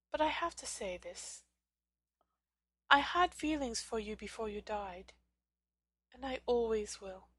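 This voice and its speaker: An earnest, tearful young witch, voiced by a woman in a storybook reading. Her voice is high and bright, her lines slow and emotional, and the recording is dry and close. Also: dry recording. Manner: pleading, emotional. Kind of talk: fan fiction audiobook reading.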